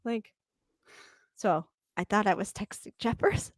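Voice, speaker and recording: A woman's voice: medium pitch, measured pace, no echo, studio quality. A woman co-hosting a casual podcast chat, telling a story animatedly and laughing often. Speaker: podcast co-host.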